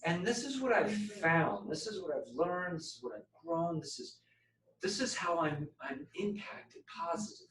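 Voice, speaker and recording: A man's voice: a little high, big pitch swings, normal speed, fairly bright tone, roomy sound, rough recording. A man leading a meditation workshop, playfully demonstrating phrases and changing his voice to model them. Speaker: meditation teacher. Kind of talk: guided group workshop.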